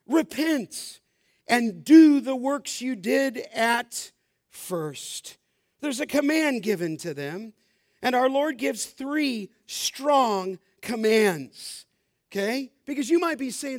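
A middle-aged man preaching with a high, ringing voice. He moves between chatty storytelling and fervent exhortation, and the sound is close and dry with no room around it. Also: expressive, slow pace, no echo. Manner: passionate, rising to emphatic exhortation; storytelling, conversational asides. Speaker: pastor. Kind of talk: sermon.

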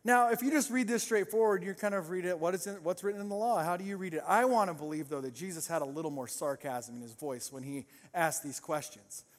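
High-voiced guy preaching a sermon, hams up the sarcastic bits, big echoey church. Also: fast, few pauses. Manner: animated storytelling, acting out sarcastic voices. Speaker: pastor.

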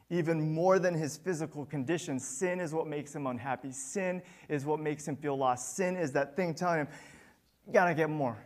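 A man's voice: mid-range voice, a little mellow. A man preaching a sermon as pastor, earnest and building to emphatic peaks.

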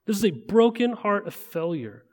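A man preaching a sermon in a conversational way, often checking in with listeners and slowing to a hush at weighty moments. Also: high voice, sing-song. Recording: long reverb of a large hall.

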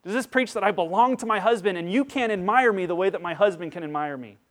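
A man in his thirties preaching a sermon, moving between hushed, intense passages and loud, emphatic ones. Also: sits high, fast. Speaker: pastor.

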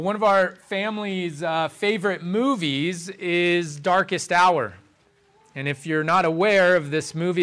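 A pastor delivering a sermon in a measured, deliberate way, slowing down to stress key phrases. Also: male voice, high voice, a bit bright.

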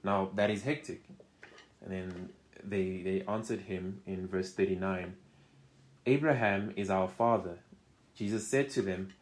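A man's voice: low voice, steady tone, measured pace. A man teaching a Bible study, reading scripture aloud with rising emphasis and often checking in with "right?". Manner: conversational, keeps checking in with "right?".

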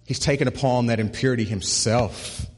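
At a moderate pace, a pastor preaches in a church sanctuary, his husky and lightly breathy voice lingering in the big room's long reverb. Repetition carries him up to each point, and he turns low and gentle on the key lines.

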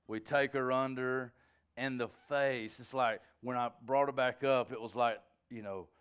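A middle-aged male pastor giving an informal sermon, telling stories in a conversational way with sudden bursts of excitement. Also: mid-range voice, clear, resonant tone.

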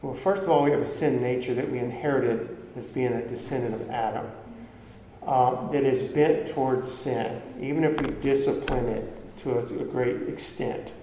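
A man's voice: medium pitch, steady tone, moderate pace, dark tone, a little hiss or hum. A man preaching a sermon in an earnest, conversational way, often restarting phrases and acting out quoted voices. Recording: echoey hall with faint ambience.

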